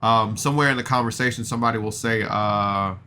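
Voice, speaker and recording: A man's voice: on the low side, fast, pushed and bright, a little hiss or hum. A man recapping a podcast episode in a casual, rambling way, self-deprecating and full of fillers and restarts. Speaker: podcast reviewer.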